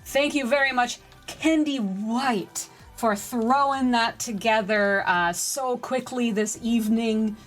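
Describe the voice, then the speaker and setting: A woman live-streaming a game, chatting with her viewers and getting excitable during play. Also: fairly high pitch, slow, few pauses, soft background music. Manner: chatty, excitable, talks to chat. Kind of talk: live-stream gaming chat.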